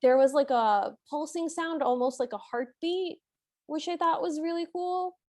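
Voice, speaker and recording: Young woman cohost, high voice, chatty and excited, laughs a lot. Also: moderate pace. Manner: chatty, enthusiastic, laughs often. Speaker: podcast co-host. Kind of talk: casual recap chat.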